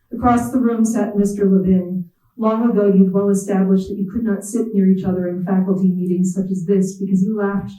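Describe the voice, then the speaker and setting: A writer giving a measured, wry literary reading in the second person. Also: medium pitch, dark tone, roomy sound, distant mic, poor audio. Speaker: visiting writer. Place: reading event hall.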